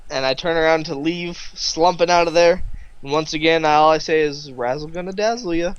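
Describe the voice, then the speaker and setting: Brash battered male brawler, loud and high, voiced by a player. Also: normal speed, clean tone, muffled recording, natural voice. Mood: weary swagger.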